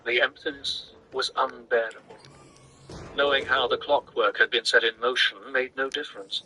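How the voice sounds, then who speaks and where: Bright-voiced man reading a novel. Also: mid-range voice, fairly even intonation, moderate pace, a little hiss or hum, poor audio. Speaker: reader.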